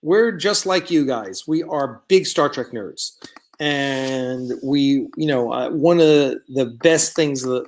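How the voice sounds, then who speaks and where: A man hosting a live stream, chatting casually with viewers in a rambling way, with many fillers, and reading out their comments. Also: medium pitch. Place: studio set of a starship bridge.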